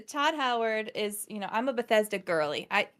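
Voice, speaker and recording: A woman co-hosting a gaming podcast, telling an anecdote in an excitable, breathless rush and quoting herself often. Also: medium pitch, moderate pace, clear, resonant tone. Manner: excitable, breathless storytelling with quoted self-talk. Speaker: podcast co-host. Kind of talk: casual chat.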